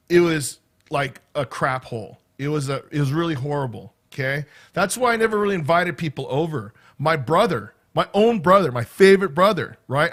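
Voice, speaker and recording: A middle-aged vlogger rambles casually to his viewers, stringing stories together with constant "right?" and "okay?" asides. His voice is a little high with a fairly bright tone.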